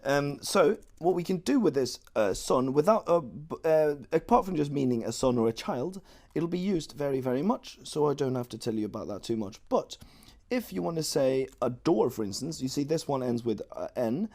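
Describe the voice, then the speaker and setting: A man's voice: on the high side, lively intonation, darkish tone. Playful male teacher. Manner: playful, joking asides while explaining slowly. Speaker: Chinese language teacher. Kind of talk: online language lesson.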